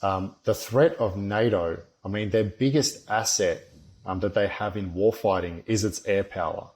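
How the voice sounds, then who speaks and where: A man's voice: lowish voice, darkish tone. A man, a former soldier, talking bluntly and rambling in a casual podcast chat, swearing constantly.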